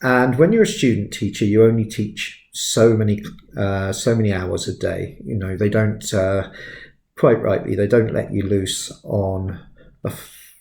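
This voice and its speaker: A man's voice: on the low side, fairly even intonation, measured pace, gravelly, darkish tone. Chatty man in his fifties, roomy echo. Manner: chatty, digressive, self-deprecating. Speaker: art tutor. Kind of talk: relaxed sketching tutorial with anecdotes.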